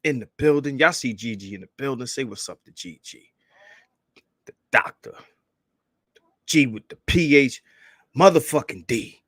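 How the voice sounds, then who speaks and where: A man hosting a casual livestream, hyped and profane, calling out shout-outs to viewers and begging for likes. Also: medium pitch, expressive, normal speed, long pauses, dry recording, clean studio sound. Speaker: livestream host.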